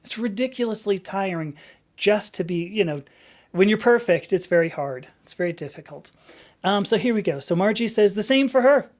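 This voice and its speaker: A chatty woman in her fifties hosts a live stream in a loose, rambling way. She laughs often and keeps circling back to restart her thoughts. Her pitch sits in the middle range for a woman. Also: moderate pace, a little mellow. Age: 50s. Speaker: livestream host. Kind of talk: casual live-stream chat.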